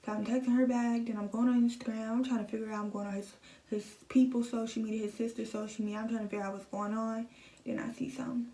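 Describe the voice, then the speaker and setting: A young woman vlogging a personal story into her phone, emotional and halting, often repeating herself. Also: on the high side, level tone, warm tone. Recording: echoey room, phone set at a distance.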